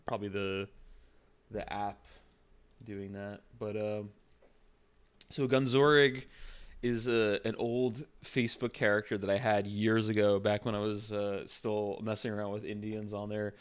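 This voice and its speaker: A man's voice: on the low side, little pitch movement, moderate pace, smooth. A man streaming casually, rambling with frequent restarts and swearing as he chats.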